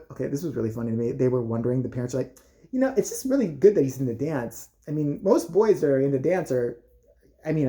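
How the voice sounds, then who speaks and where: A woman's voice: low-pitched, dark tone. A woman vlogger ranting in casual, profane comedic commentary.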